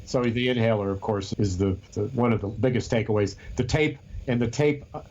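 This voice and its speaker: A man's voice: mid-range voice, a little fast, darkish tone, muffled recording, slight background noise. A man co-hosting a podcast in casual chat, rambling and telling stories with frequent restarts. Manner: rambling, restarts often, storytelling. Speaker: podcast co-host.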